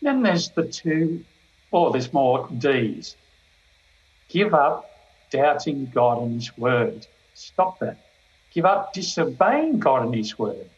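A man's voice: mid-range voice, sing-song, slow. An older man, a police chaplain giving an earnest, emphatic devotional talk full of stories. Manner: earnest, emphatic preaching with storytelling. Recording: slightly dull, lo-fi recording.

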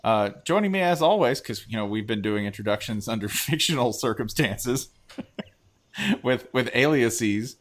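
A man's voice: mid-range voice, animated, measured pace. A man hosting a podcast in casual, joking chat, often trailing off with fillers as he speaks. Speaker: podcast host. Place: studio.

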